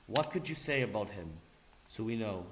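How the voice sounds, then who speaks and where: Lively, heated ranting male vlogger. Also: lowish voice, moderate pace, slight background noise. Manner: heated, sarcastic, profane; repeats phrases for emphasis. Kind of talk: angry ranting monologue.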